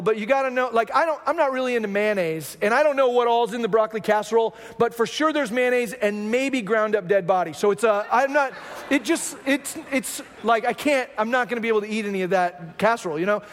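High-voiced pastor joking through a sermon. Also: male voice, fast talker, fairly bright tone, long reverb tail. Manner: self-deprecating storytelling with jokes.

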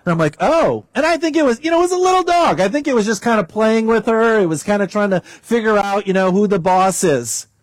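Man, pastor, sermon, high voice, dry close sound. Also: lively intonation, fast talker, few pauses, dry recording. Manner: storytelling, prays aloud, varies pitch for emphasis.

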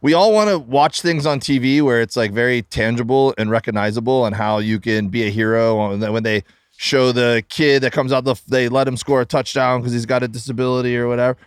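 A man's voice: mid-range voice, brisk, clean tone, no room sound, studio quality. Earnest easygoing male guest. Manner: earnest, sincere opinions in an easygoing tone. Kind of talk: casual chat.

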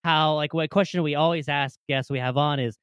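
A young man hosting a podcast, speaking casually and haltingly with fillers and restarts. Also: fairly high pitch, steady tone, fairly bright tone, smooth, no room sound, dull audio. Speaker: podcast host. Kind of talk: casual conversation.

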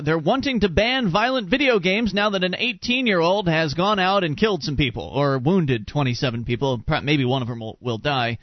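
A man's voice: fairly high pitch, no echo. A man hosting a call-in talk radio show, with wry, joking asides. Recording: dull, muffled radio broadcast.

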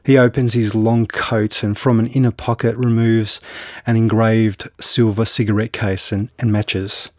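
Halting, low-voiced novelist in interview. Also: male voice, little pitch movement, dry recording, clean studio sound. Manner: hesitant, halting with restarts and fillers. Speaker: novelist guest. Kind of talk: conversational interview and book reading.

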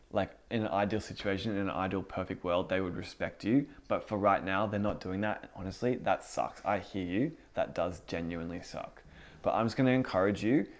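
A young man with a fairly low voice teaches casually, much like a youth pastor addressing his group. His relaxed talk is packed with "like" and frequent repeated words.

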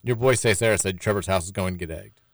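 A man's voice: deep voice, fast talker, dry recording. A man hosting a casual sports radio show, reading listener texts aloud and rambling through his takes.

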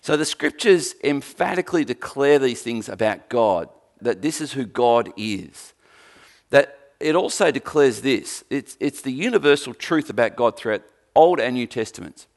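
A man's voice: mid-range voice, animated, normal speed. Emphatic man preaching a sermon. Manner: emphatic, rising to forceful peaks then dropping quiet; conversational with dry humour. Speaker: pastor.

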